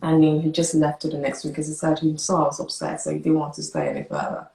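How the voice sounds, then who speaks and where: A woman being interviewed, telling a personal story in an animated, emotional way, with hurried, broken phrasing. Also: low voice. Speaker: interview guest. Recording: roomy echo.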